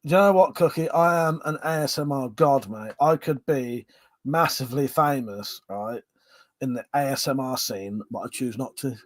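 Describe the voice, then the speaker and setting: Drink in hand, a livestream host from Buckinghamshire, England, reads viewer comments aloud in a mid-range voice, captured as a dry recording. He's jokey and laughing, swears freely and keeps drawing out repeated agreements during the casual stream.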